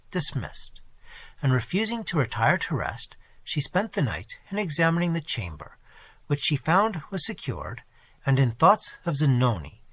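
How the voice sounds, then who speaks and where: A man narrating a classic novel as an audiobook, reading in an expressive, dramatic way. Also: on the high side, breathy edge.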